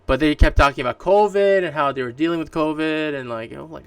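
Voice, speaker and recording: A man's voice: on the high side, quick pace, clean tone, no room sound. A man hosting a solo podcast, chatting casually through gaming news in a rambling way, full of fillers and restarts. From Canada. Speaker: podcast host. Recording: distant mic, dry room.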